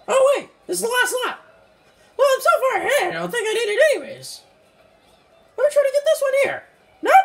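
A hyper little male mushroom racer, voiced extremely high and squeaky with a slight southern twang. He swoops all over and has a gravelly edge, yelping at every setback in his game commentary. Faint game music plays behind him. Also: full character voice. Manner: excitable, yelps and complains at mishaps. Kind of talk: let's-play game commentary in character.

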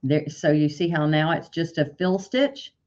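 Lowish-voiced woman teaching software, lo-fi. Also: lively intonation, normal speed. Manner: step-by-step, corrects herself aloud. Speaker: embroidery software instructor. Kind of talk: screen-share software tutorial. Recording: dull lo-fi sound.

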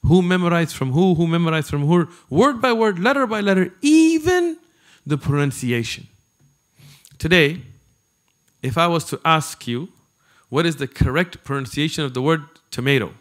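A man giving an animated religious lecture to a live audience, talking conversationally and turning to the listeners with asides. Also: on the high side, moderate pace. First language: not Arabic. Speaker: Islamic preacher.

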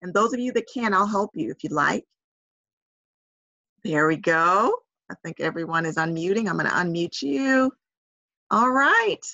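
A woman reading a picture book aloud to young children over a video call, pausing to ask them questions. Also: on the low side, gravelly, dry recording, muffled recording. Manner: animated, coaxing questions to young listeners. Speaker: reader at a virtual story time for children. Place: home setup on a video call.

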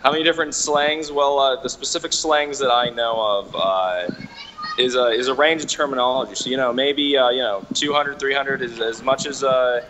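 A man from New York answering interview questions casually, with hesitant speech and many filler pauses. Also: mid-range voice, a bit bright, big-room sound, low-quality recording. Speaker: interview guest.

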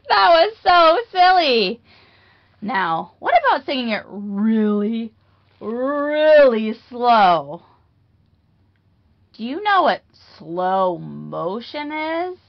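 A woman's voice: on the high side, sing-song, takes it slowly, gravelly, lo-fi sound. A young woman leading a preschool music lesson, singing and talking to toddlers with exaggerated wonder and lots of questions. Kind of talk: children's lesson, singing and toy play.

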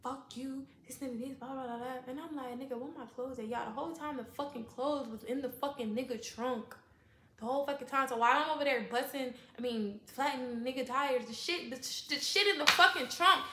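A woman telling a storytime vlog straight to her viewers, animated and heavily profane. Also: high-pitched, fairly quick, reverberant, a little hiss or hum. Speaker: vlogger.

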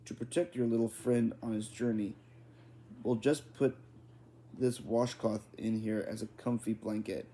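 A man's voice: on the low side, fairly even intonation, unhurried, warm tone, close to an everyday voice. A man voicing a falsely sweet, scheming mother in a storybook reading, with sugary phrasing.

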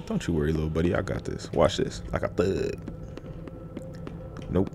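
A man's voice: low voice, steady tone, measured pace, pauses often. A man doing casual, joking let's-play commentary, rambling and tossing in playful noises as he plays. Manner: joking, rambling, playful mutters and sound effects. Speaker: gaming YouTuber.

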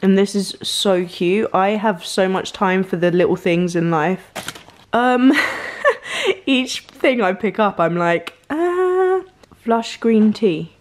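A woman's voice: medium pitch, takes it slowly. A young woman vlogging casually, bubbly and gushing as she talks and laughing often. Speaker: fitness and food vlogger. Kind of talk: casual vlog.

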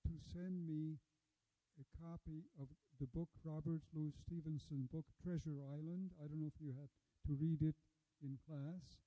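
An elderly man speaks to a school audience in a slow, considered way, doubling back on his words as he works toward each point. His voice sits a little higher than usual for a man. The recording is dull and lo-fi. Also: steady tone. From Hungary. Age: 80s. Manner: measured, reflective storytelling with frequent restarts. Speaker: guest speaker. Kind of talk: lecture and Q&A. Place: school lecture room.

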